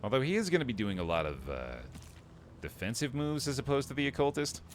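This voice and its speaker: A streamer chatting casually while playing a game live, answering chat and thinking aloud. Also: male voice, medium pitch, big pitch swings, brisk, a little hiss or hum. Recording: loud game music behind.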